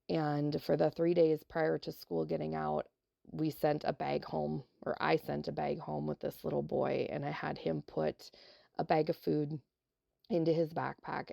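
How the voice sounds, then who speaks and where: A middle-aged teacher from South Dakota, telling a heartfelt classroom story on a podcast. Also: female voice, sits low, creaky, dark tone, no echo, studio quality. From South Dakota, USA. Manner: heartfelt and emotional, with many fillers. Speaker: elementary teacher.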